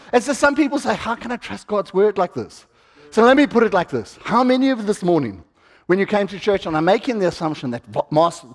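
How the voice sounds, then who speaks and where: A man preaching a sermon, talking with the congregation, asking them questions and acting out what people say. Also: high voice. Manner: conversational, asks the congregation questions, acts out quotes. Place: church hall. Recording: reverberant church hall.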